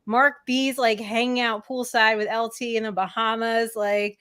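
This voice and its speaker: A woman with a bright, fairly high voice chats playfully on a sports talk show, teasing her co-hosts and reading from the live chat. Her voice sounds close and dry, with no room echo. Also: flat delivery, normal speed, clear, resonant tone. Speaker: podcast co-host. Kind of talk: casual chat.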